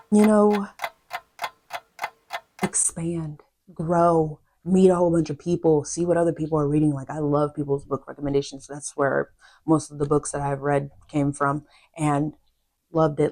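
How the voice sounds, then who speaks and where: A young woman chatting casually to camera as a book vlogger, drifting into quiet asides. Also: low-pitched.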